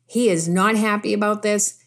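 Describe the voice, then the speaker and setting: A woman's voice: mid-range voice, fairly even intonation, moderate pace. A woman preaching a sermon in an emphatic, conversational way, repeating phrases for stress and dropping casual asides between scripture readings.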